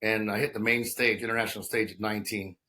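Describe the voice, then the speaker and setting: A man's voice: on the low side, fairly even intonation, fast talker, bright, forceful tone. A man in his fifties from Texas, a guest telling his story in a conversational interview, talking in long runs with many restarts and "you know" fillers. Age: 50s.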